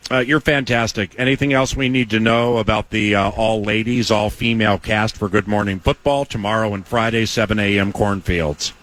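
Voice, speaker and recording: A man's voice: on the low side, fairly even intonation, moderate pace, few pauses, fairly bright tone. A male sports radio host chatting with a guest, effusive in his praise and rambling with many fillers.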